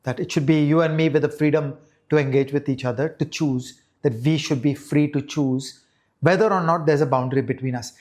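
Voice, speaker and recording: Emphatic Indian economist guest. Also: male voice, fairly high pitch, fairly even intonation, brisk, darkish tone. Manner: emphatic, rhetorical, builds arguments with examples. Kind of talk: conversational podcast discussion.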